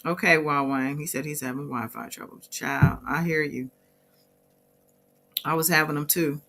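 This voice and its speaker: Sassy chatty woman with a bright voice. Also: low voice, fairly even intonation, moderate pace. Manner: sassy, chatty, laughs often. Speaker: host of a celebrity gossip channel. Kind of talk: casual reaction commentary.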